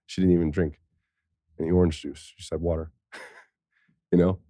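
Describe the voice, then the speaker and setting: Man, very low voice, mellow tone, dry close sound, candid profane storytelling, tearful. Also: level tone, unhurried, dry recording. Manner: candid and profane, with laughs and soft, choked passages. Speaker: podcast guest, former pro football player. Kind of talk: emotional personal storytelling.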